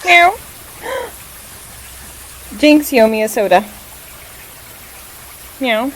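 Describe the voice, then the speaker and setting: High-voiced woman teasing her cats. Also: sing-song, very slow, darkish tone, a little hiss or hum, poor audio. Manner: playful, teasing her cats, meows at them. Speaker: cat owner filming her pets. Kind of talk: casual home video.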